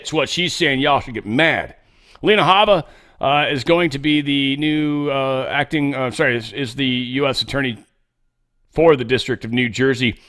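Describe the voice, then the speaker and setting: A man's voice: medium pitch, a bit bright. A man hosting casual political news commentary, rambling and blunt, swearing freely and restarting his sentences often.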